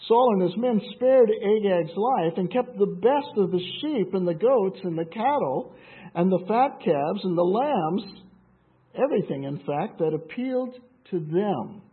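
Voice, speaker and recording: Husky man reading scripture, tinny. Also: sits high, expressive, a little slow. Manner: conversational asides, frequent fillers and restarts. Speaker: Bible teacher. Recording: tinny phone-like sound.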